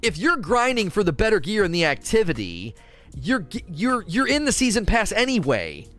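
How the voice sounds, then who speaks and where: Animated young male game streamer. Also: sits high, measured pace, faint music behind. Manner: animated ranting, laughs often. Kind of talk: live stream commentary.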